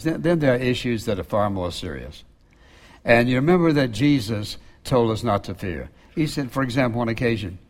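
A man preaching a sermon in a conversational way, dropping soft and low when quoting scripture.

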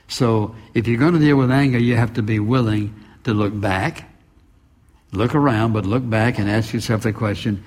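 A man's voice: medium pitch, darkish tone. A man preaching a sermon, emphatic and full of rhetorical questions and repeated phrases. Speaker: pastor.

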